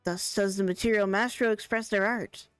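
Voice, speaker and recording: A woman's voice: mid-range voice, steady tone, normal speed, fairly bright tone, clean tone, dry recording, soft background music, natural voice. A woman doing a grand Irish weapon smith. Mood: theatrical. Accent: put-on Irish. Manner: reading game dialogue aloud, stumbling over words. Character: male weapon smith, mock-formal and grand.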